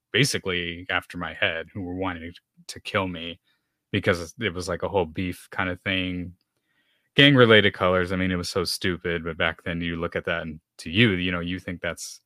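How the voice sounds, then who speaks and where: A man's voice: low voice, pushed and bright, dry recording, studio quality. A man from Texas sharing a personal testimony as a podcast guest, talking loosely with plenty of fillers. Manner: storytelling with many fillers, acts out dialogue.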